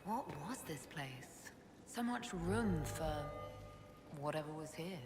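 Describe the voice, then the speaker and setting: An actress voicing a composed female leader in a video game, measured and earnest. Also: low-pitched, expressive, long reverb tail, noisy background. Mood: calm.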